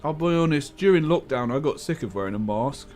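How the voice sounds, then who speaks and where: A man's voice: on the high side, lively intonation, a little fast, a little mellow, soft background music. A man hosting a livestream, chatting casually and bluntly, laughing easily and swearing now and then. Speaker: livestream host. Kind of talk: casual chat. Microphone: headset.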